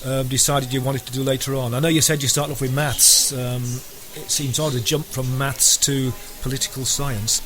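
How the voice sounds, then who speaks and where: A man's voice: medium pitch, fairly even intonation, normal speed, fairly bright tone, slight background noise. A man hosting a radio show, interviewing a guest with a hesitant delivery full of fillers. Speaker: radio host. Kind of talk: interviewing on air.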